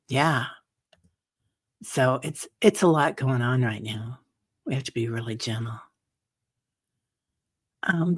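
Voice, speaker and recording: A woman hosting a meditation group, chatting gently with viewers, greeting them by name and laughing often, a little teary. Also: extremely low pitch, breathy edge. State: teary-eyed. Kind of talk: casual livestream chat. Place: home, streaming on camera.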